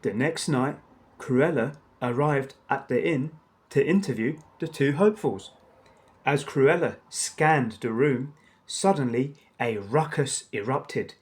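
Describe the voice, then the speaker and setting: A man narrating a children's storybook aloud in a measured storytelling manner. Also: medium pitch.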